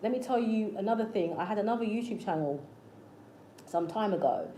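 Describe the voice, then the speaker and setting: A woman's voice: medium pitch, animated, brisk, dark tone, a little hiss or hum. A woman hosting her own channel, talking casually and earnestly to her viewers, coaching them in a repetitive, encouraging way. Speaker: manifestation channel host. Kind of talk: casual motivational talk to camera. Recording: echoey room with faint ambience.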